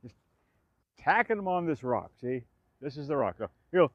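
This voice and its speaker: A man's voice: mid-range voice, animated, brisk, dry recording. A chatty older man in his sixties reminisces in a loose, rambling way, often circling back and breaking into laughter. He has a mid-range voice. The sound is close and dry, with a slightly muffled, lo-fi quality. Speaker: former dancer recalling his theater days. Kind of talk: casual spoken reminiscence. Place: outdoors in a city park.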